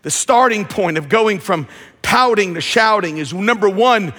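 High-voiced, shouting male preacher. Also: animated, unhurried, husky, big-room sound. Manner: builds to shouted emphasis, repetitive preaching cadence. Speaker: pastor. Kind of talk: sermon. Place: church sanctuary.

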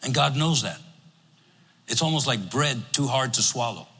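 A man preaching a sermon in a church, animated and emphatic, acting out what his listeners might say. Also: medium pitch, moderate pace, husky. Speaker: pastor. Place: church sanctuary. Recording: long reverb of a church hall.

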